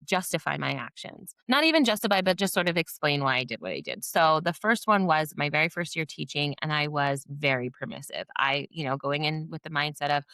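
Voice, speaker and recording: A woman's voice: low voice, a little fast, few pauses, no echo. A middle-aged woman, a former teacher, telling stories in a podcast interview, animating them with quoted voices. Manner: animated storyteller who acts out quoted voices. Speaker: podcast guest, former teacher and behavior specialist. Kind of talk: conversational storytelling in a podcast interview.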